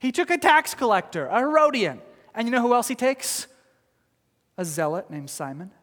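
A man with a high voice preaches in an animated, storytelling way, laughing and acting out quotes. His voice rings with the long reverb of a church hall. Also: moderate pace. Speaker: pastor. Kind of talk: sermon.

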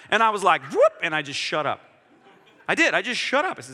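Animated bright-voiced male pastor in a hall. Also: high voice, brisk. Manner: animated storytelling with acted-out dialogue. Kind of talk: sermon. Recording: long hall reverb.

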